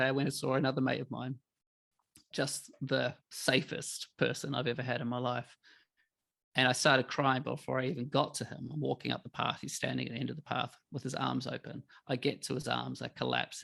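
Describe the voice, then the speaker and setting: Gravelly middle-aged man, animated. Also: medium pitch, fairly quick. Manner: emotional, animated storytelling. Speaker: podcast guest, coach. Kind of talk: candid conversational interview.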